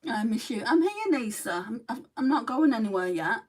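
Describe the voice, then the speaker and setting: A woman's voice: on the high side, expressive, brisk, a little mellow, slightly rough, distant mic, rough recording. A woman from Lancashire with a Lancashire accent, chatting casually on a beauty livestream as she answers viewer comments. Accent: Lancashire English. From Lancashire, England.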